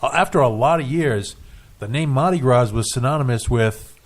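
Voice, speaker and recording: A man co-hosting a casual radio show in a studio, talking in halting restarts with dry jokes. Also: medium pitch. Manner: hesitant, restarts often, dry joking.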